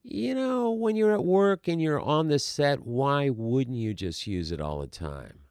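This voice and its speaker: A man's voice: a little high, big pitch swings, measured pace, darkish tone, smooth, no room sound, clean studio sound. A man who works as an actor, talking in a casual, rambling monologue full of restarts and asides.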